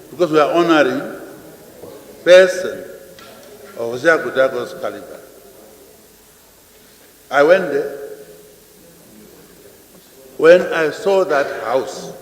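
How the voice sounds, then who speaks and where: An older man speaks off the cuff to a parliament, his voice pitched a little high. He repeats his phrases and throws questions at the room. The sound rings through a large hall with a long echo. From Namibia. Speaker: president answering parliament. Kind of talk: unscripted parliamentary address. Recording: echoey chamber with long reverb.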